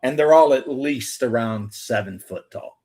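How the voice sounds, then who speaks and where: A man's voice: medium pitch, unhurried, a little mellow, husky. A man hosting a casual chat while he paints, rambling and joking. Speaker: host.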